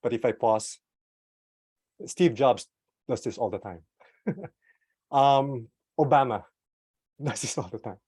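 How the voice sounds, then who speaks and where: Speaking huskily into a desktop USB mic, a man gives an online talk on product management, and there's no echo. His tone is casual, with fillers and light laughs, broad swings in pitch and loudness, and intentional pauses and slowdowns.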